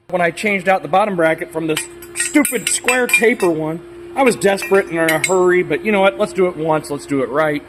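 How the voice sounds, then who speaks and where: Man, slightly higher voice, relaxed workshop narration, chuckles, lots of fillers, faint background ambience. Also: fairly quick, a little hiss or hum. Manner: laid-back, chuckles often, many fillers. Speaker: hobby frame builder and vlogger.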